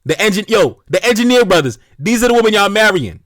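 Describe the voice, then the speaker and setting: A man's voice: sits high, sing-song, fast, few pauses, fairly bright tone, no echo, studio quality. A man hosting a reaction video who preaches to his audience, laughing often and repeating exclamations. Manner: preachy, addresses "brothers" directly. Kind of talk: commentary on social media posts.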